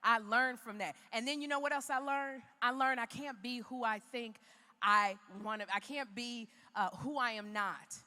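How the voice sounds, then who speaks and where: Woman, keynote speaker, motivational speech, emphatic preacher-like delivery, bright forceful tone. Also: on the high side, fairly even intonation, normal speed, in a large hall. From Chicago. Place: large indoor arena.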